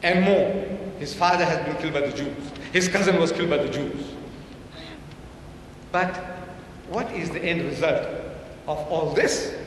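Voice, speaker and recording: A man's voice: a little high, unhurried, pauses often, distant mic, slight background noise. An older man giving an emphatic public debate speech, quoting and mocking his opponent. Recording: echoey hall recorded from afar.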